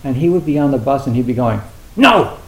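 Mellow middle-aged man, halting dharma talk. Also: medium pitch. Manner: halting, loose and conversational with frequent fillers; wry, gently humorous. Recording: roomy hall with faint hiss.

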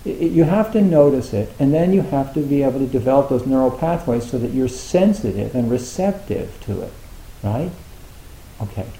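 Mellow-voiced man teaching Zen, roomy echo. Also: mid-range voice, expressive, moderate pace. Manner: conversational, acts out students' thoughts, many fillers. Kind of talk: dharma talk.

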